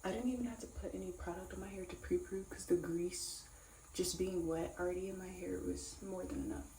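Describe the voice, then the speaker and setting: A woman's voice: lowish voice, steady tone, fairly quick, mellow, a little hiss or hum. A woman chatting casually to camera in a vlog, rambling and repeating herself. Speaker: vlogger. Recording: roomy echo with faint ambience.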